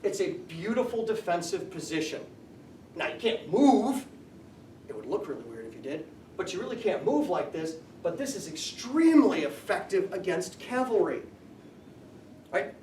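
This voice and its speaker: Man, high voice, classroom lecture, echoey room, distant mic. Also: a little mellow, a little hiss or hum. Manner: explanatory, asks the class questions. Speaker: high school history teacher.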